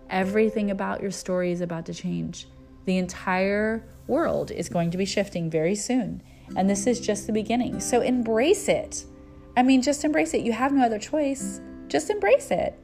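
A middle-aged woman with a medium-pitched, darkish voice hosts an inspirational spiritual talk, first telling a personal story and then preaching in an earnest, storytelling manner.

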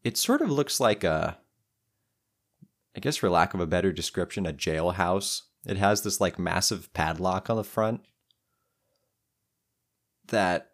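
Deep-voiced young man running a game. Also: unhurried, pauses often. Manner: loose, improvising with many restarts. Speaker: game master. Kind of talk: narrating a tabletop game.

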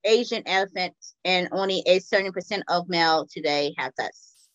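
A woman's voice: fairly low pitch, moderate pace, a bit bright, dry recording, dull audio. A woman in a casual chat, teasing and playful.

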